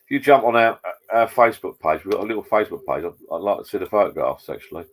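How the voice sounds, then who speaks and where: Low-voiced chatty man. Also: expressive, fast talker. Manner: chatty, rambling, greets viewers by name. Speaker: live stream host. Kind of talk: casual live chat with viewers. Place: garden bar at home. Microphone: laptop.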